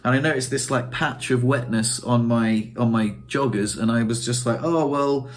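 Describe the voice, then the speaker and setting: A man's voice: mid-range voice, little pitch movement, normal speed. A man vlogging to camera in a casual, rambling way, emotional and swearing freely.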